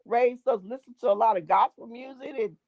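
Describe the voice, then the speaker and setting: A woman, a guest gospel artist, telling a long story in an animated way and acting out the voices in it. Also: fairly high pitch, a little fast, no echo, muffled recording. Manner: lively, acts out voices in her stories.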